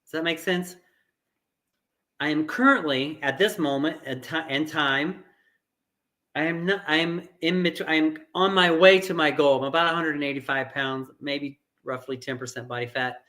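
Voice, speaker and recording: Middle-aged guy coaching fitness, bright forceful voice, a bit high, keeps repeating himself for emphasis. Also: normal speed. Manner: earnest, repeats phrases for emphasis. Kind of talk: motivational fitness talk.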